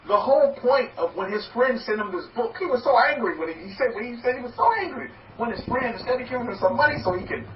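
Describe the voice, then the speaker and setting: A man teaching as a rabbi in a lively sermon, acting out quoted voices and repeating words as he goes. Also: sits high. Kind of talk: sermon-style teaching talk. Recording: echoey, distant, dull and slightly noisy.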